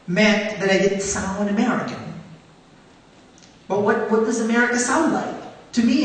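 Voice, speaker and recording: A man speaking onstage at a public event, earnest and animated, his voice rising on questions. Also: sits high, a little hiss or hum. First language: Tagalog. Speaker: guest speaker. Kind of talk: onstage conversation. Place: high school auditorium. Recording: echoey hall from far off.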